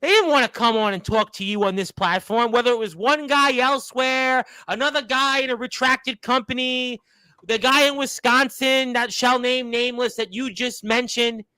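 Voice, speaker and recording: A man hosts a wrestling talk show and rambles along folksily, stumbling over repeated words. His voice sits unusually high and sounds bright and forceful. The sound is dry and close. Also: fairly even intonation, normal speed, clear, resonant tone, no echo, poor audio. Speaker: radio show host.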